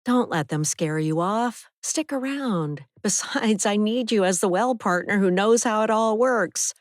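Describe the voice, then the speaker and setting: A woman's voice: mid-range voice, animated, a little slow, dry recording, clean studio sound, voice pushed up, lightly acted. A woman voicing a spirited, determined young woman renter in an audiobook. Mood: friendly.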